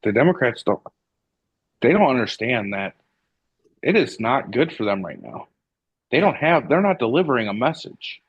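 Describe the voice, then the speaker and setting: A man co-hosting a casual political talk show, heated, halting and often restarting his sentences. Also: mid-range voice, big pitch swings, slightly rough. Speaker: podcast co-host. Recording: dry, dull lo-fi sound.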